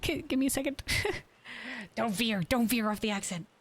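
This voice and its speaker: A woman's voice: a little high, moderate pace. Woman streamer, casual gameplay chat, giggly, self-deprecating, faint music.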